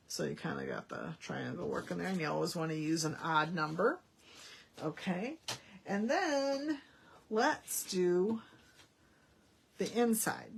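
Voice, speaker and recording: A woman's voice: fairly low pitch, creaky, a little hiss or hum. A woman demonstrating card-making in a chatty, folksy way, thinking aloud as she works. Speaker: Stampin' Up demonstrator. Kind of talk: casual card-making demo.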